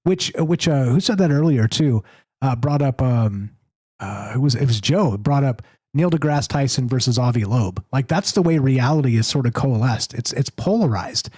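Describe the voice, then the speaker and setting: A man's voice: mid-range voice, moderate pace, husky, dry recording. Emphatic host man, dry close sound. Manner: animated, emphatic, rising to exasperated. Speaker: show host. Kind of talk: casual call-in chat.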